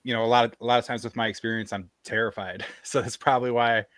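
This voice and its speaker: A man's voice: medium pitch, fast talker, no room sound. A man hosting a podcast, telling a story in casual chat and acting out what others said. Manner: animated storyteller, acts out quoted voices. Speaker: podcast host.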